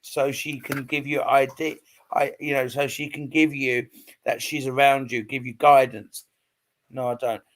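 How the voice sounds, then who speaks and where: A man's voice: mid-range voice, level tone, a little slow, slight background noise. A man giving a live psychic reading, hesitant and repetitive, often checking in with "okay?". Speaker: psychic medium.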